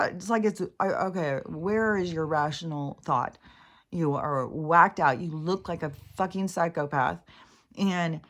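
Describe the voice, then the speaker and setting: A woman rambling casually in a spiritual vlog, swearing freely and getting animated as she retells a scene. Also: lowish voice. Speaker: spiritual vlogger. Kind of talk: rambling monologue.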